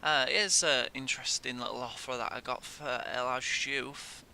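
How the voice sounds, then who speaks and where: A man's voice: steady tone, moderate pace, vocal fry, bright, forceful tone. A young man giving casual gameplay commentary, swearing in frustration at the game. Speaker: gaming YouTuber. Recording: faint noise and low rumble.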